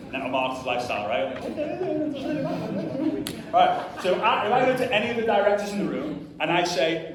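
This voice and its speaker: A man's voice: sits high, lively intonation, fairly quick, noisy background. A man giving a live motivational talk to an audience in a large hall, direct and punchy, often throwing questions at the crowd. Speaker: motivational speaker at a network marketing event. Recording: very echoey hall recorded from far off.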